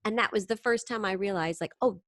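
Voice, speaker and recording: An actress and impressionist talking about her craft in a casual interview, animated and quick to slip into voices. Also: mid-range voice, no room sound, clean studio sound. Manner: animated, slips into sung impressions.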